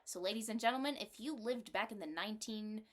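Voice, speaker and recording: A young woman co-hosting a casual podcast, reading old headlines out slowly and then commenting dryly. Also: medium pitch, a bit bright. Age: young adult. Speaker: podcast co-host.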